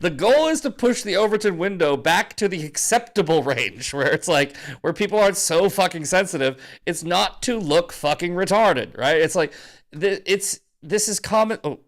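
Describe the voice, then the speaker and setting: A man's voice: sits high, animated, moderate pace. A male podcast co-host talking animatedly and crudely about politics, laughing often. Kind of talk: casual political commentary chat.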